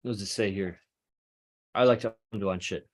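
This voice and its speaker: A man's voice: on the low side, fairly even intonation, fairly quick. A man hosting a podcast, musing in a casual, rambling way, swearing freely and correcting himself mid-sentence. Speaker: podcast host. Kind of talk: casual philosophical monologue.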